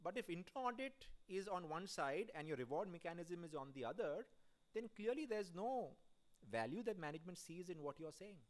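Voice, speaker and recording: A man's voice: sits high, expressive, normal speed. A man giving a conference keynote in a conversational way, putting questions straight to the audience in the hall. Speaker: keynote speaker at an audit conference.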